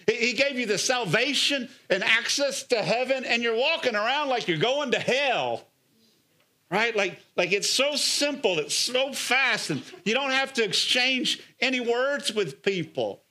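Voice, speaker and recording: A middle-aged male pastor preaches a sermon energetically in a high, bright, forceful voice with lively intonation at a measured pace. He coaxes listeners with rhetorical questions and repeated calls of "come on."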